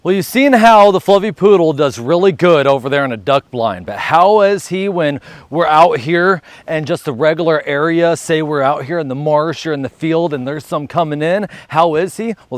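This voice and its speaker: A man's voice: a little high, expressive, moderate pace, hardly any pauses, no room sound. A man filming a casual dog-training vlog outdoors in a marsh or field, chatty and upbeat, calling out commands and praise to his dog.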